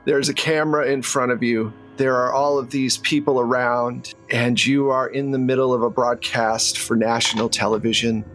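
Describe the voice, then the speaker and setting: A man running a tabletop role-play game as game master, narrating scenes in a calm storytelling manner. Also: mid-range voice, normal speed, hardly any pauses, soft background music, rough recording. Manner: calm storytelling, drops into character voices.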